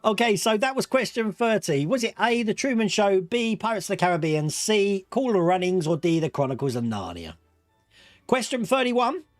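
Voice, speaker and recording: Man, Australian-British accent, quiz host on a stream, high lively voice, dry close sound, faint music behind. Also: no echo. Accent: Australian mixed with British. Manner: giggly, playful, reads options slowly. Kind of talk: livestream quiz hosting.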